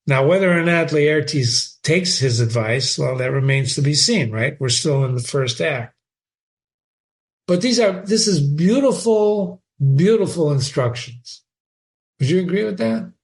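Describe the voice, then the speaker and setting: A chatty, enthusiastic man who paraphrases old lines into everyday speech. He speaks slowly in a slightly high voice. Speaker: host explaining a play. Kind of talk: casual reading commentary.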